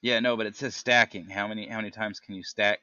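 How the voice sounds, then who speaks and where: Bright-voiced man reading game tooltips. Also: on the low side, fairly even intonation, no room sound, muffled recording. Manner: reads tooltips haltingly, stumbles on names. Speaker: gaming podcast host. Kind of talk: casual chat reading game talents aloud.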